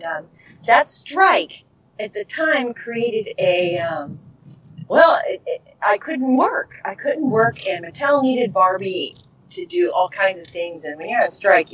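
Middle-aged voice actress chatting in an interview, wanders off topic a lot, kinda muffled recording. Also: female voice, medium pitch, fairly bright tone, distant mic, slight background noise. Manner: rambling, trails off into tangents. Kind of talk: casual interview storytelling. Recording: dull lo-fi recording.

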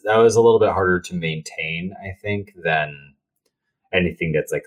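A young man, a voice actor, talking loosely in a casual interview and laughing between thoughts. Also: rumbling low. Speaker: voice actor guest.

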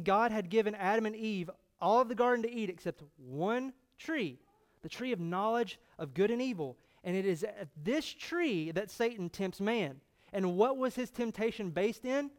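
A man preaching a sermon as pastor, firing off rhetorical questions and building to fervent emphasis. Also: high voice.

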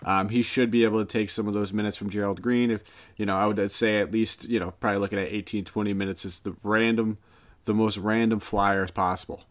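A man with a fairly low voice talks eagerly on a casual sports podcast. He is emphatic and fills gaps with ums and uhs. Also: level tone, fast talker. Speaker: podcast co-host. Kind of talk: casual sports betting chat.

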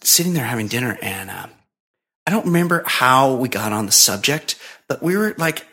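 A man's voice: medium pitch, normal speed, husky. A man in his forties, a podcast host, telling a story in casual chat with lots of swearing. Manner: profane, animated storytelling.

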